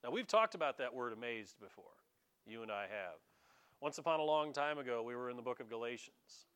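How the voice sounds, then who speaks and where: A man preaching a conversational sermon as pastor, animated and dramatizing, talking straight to his congregation. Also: medium pitch, fairly quick, smooth.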